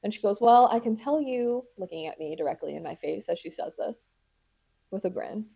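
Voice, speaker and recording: A woman's voice: mid-range voice, lively intonation, normal speed, creaky, warm tone, husky. A woman in her twenties hosting a podcast, telling a story in casual chat with sarcastic, dramatic asides and acted-out voices. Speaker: podcast host.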